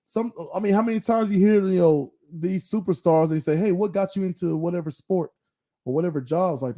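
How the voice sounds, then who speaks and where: A man's voice: high-pitched, a little fast, dark tone. A middle-aged man co-hosting a podcast, talking earnestly and often checking in with "right?". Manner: earnest, repeats points, asks "right?" often. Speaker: podcast co-host. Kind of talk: casual chat.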